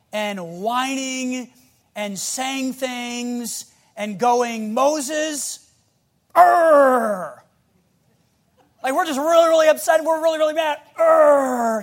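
An animated male pastor with a high, light voice, preaching a sermon. He reads scripture and then acts out the scene, breaking into growls and shouts.

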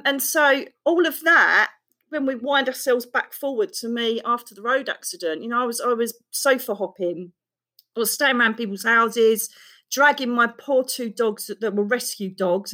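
A woman's voice: a little high, normal speed, bright, forceful tone. A woman, a psychic and author, telling her story frankly and earthily as a podcast guest. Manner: frank and earthy, with mild swearing and restarts. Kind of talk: candid storytelling in an interview.

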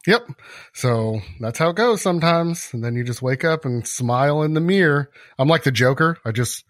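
Young male co-host, slightly high, lively pitch, goofy banter, dry close mic. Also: moderate pace, no room sound. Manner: goofy and animated, slips into silly character voices. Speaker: podcast co-host. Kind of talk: casual chat.

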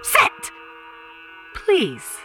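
A man voicing a stern, bossy old woman fortune teller in a creaky, drawn-out voice. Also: distant mic, over loud music. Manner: commanding, drawn-out and mysterious.

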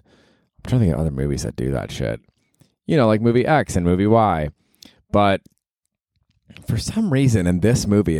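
A New Yorker in his forties with a low, dark voice hosts his own podcast in a casual solo monologue. He rambles with profanity and self-mockery, recorded dry with studio quality.

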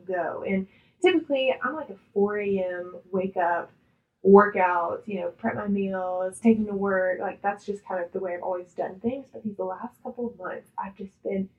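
Energetic woman podcast co-host. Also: medium pitch, phone-quality sound. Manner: energetic, talks in quick fragments and retells conversations. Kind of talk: casual motivational chat.

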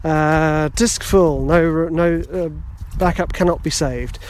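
A man's voice: on the high side, steady tone, slow. A British man hosting a solo podcast, telling a rambling, self-deprecating story in a casual, chatty way. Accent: British English. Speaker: podcast host.

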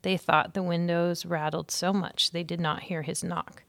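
A woman teacher reads a children's chapter book aloud for young listeners, giving each character a voice. Her voice is lowish with a gravelly edge, recorded dry and close. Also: level tone, normal speed, a bit bright, no room sound. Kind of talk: storybook read-aloud.

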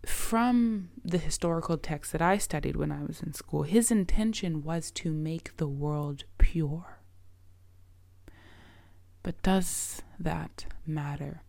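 A middle-aged woman with a low, gravelly voice hosts her own podcast as a coach. She speaks slowly and earnestly, often sinking into a soft, breathy near-whisper, and her tone is dark and mellow. The sound is dry and close. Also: no room sound. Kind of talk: reflective solo podcast talk.

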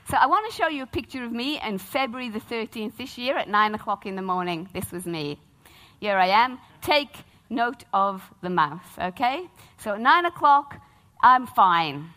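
Animated woman preaching. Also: medium pitch, normal speed. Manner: animated, humorous storytelling with acted-out quotes. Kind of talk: sermon.

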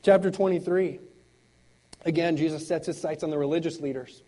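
A man preaching a sermon, swinging between loud exclamations and quiet intensity, with laughing conversational asides. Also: fairly high pitch, steady tone, fairly quick, low-quality recording. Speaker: pastor.

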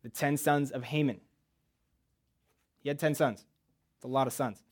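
A man preaching in a church, retelling a Bible story in a casual, joking way with rhetorical questions and quick asides. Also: medium pitch, fairly even intonation.

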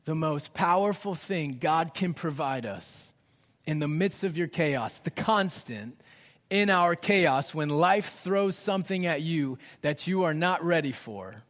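A fairly high-pitched man in his thirties delivers a sermon, his voice ringing out with a long reverb in a large church space. He rises for emphasis, then sinks to soft, almost whispered phrases. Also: lively intonation, unhurried. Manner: dynamic, drops to hushed near-whispers for emphasis. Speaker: pastor.

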